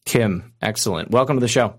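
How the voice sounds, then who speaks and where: A man hosting a call-in show, reassuring with guests and brisk when taking callers. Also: lowish voice. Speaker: host.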